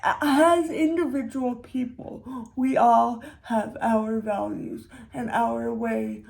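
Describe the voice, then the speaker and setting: A young woman giving a casual commentary monologue, unhurried and hesitant, with sarcastic asides and frequent restarts. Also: fairly high pitch, fairly even intonation, gravelly, darkish tone. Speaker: commentary creator.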